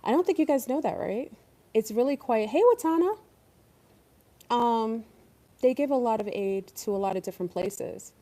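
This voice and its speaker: A woman's voice: fairly high pitch, moderate pace, dark tone. A woman hosting an online talk stream, rambling and emphatic, with many fillers. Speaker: online show host. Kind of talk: casual livestream talk.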